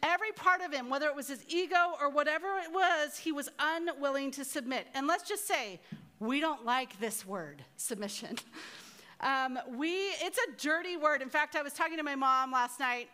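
A woman leads a women's Bible study into a microphone, and her voice sits high. She tells stories in a lively, self-deprecating way with a bright, forceful tone. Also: moderate pace. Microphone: microphone through a speaker system.

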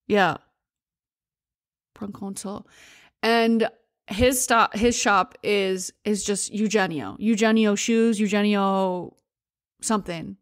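A woman's voice: medium pitch, no echo, clean studio sound. A woman from the United States hosting a podcast, telling stories in a chatty, rambling way with fillers and self-corrections. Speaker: podcast host. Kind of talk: casual storytelling monologue.

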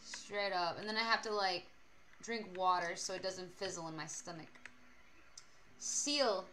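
A woman's voice: fairly low pitch, unhurried, sharp tone, slight background noise. A young adult woman streaming a game, chatting playfully, teasing and swearing a lot. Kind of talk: casual gaming stream chat.

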